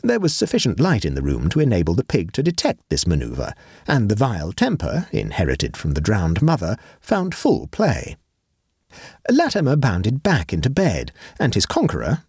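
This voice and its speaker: A man narrating a classic humorous short story in a wry, measured manner. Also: deep voice, darkish tone, husky, no room sound, studio quality.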